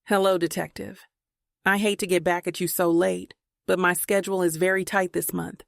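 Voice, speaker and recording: A woman's voice: lowish voice, moderate pace, vocal fry, no echo, clean studio sound. A woman voicing a laid-back, joking grown man in a storybook reading. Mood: polite. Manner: relaxed, joking, casual speech.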